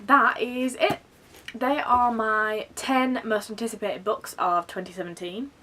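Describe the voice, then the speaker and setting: A young woman chatting to camera about books she is excited for, in a gushing, excitable way full of fillers. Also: a little high, measured pace, far from the mic. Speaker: book vlogger. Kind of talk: casual chat to camera.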